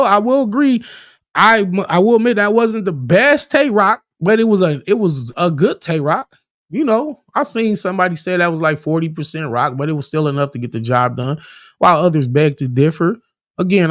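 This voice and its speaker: A man giving casual livestream commentary on battle rap, animated and profane, often restarting his words and acting out quoted arguments. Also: sits high, dry recording, studio quality. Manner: acts out quoted arguments in a raised voice.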